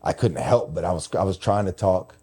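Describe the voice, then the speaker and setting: Low, mellow-voiced man telling a raw story. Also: a little fast, slightly rough. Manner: emotional, confessional, swears freely. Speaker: podcast host. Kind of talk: candid conversational storytelling.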